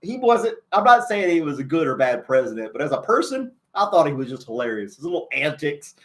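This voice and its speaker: A man's voice: a little high, very animated, brisk, fairly bright tone. Chatty, laughing male host. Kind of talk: casual chat.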